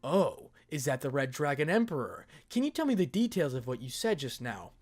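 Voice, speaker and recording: A man reading fan fiction aloud, voicing Lady Death, a gentle, motherly female spirit with a teasing side. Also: mid-range voice, very animated, a little fast. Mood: earnest.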